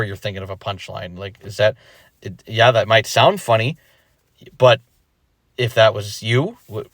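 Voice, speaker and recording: A man's voice: mid-range voice, dry recording. Young guy vlogging, emphatic, keeps repeating himself, mid voice, dry close sound. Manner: animated, emphatic, repeats himself, acts out quick imagined thoughts. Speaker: rapper explaining his retirement. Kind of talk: casual vlog monologue.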